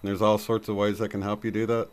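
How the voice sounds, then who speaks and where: A man with a lowish voice hosts a casual chat. He rambles and leans on fillers as he talks. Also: little pitch movement, quick pace. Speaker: host.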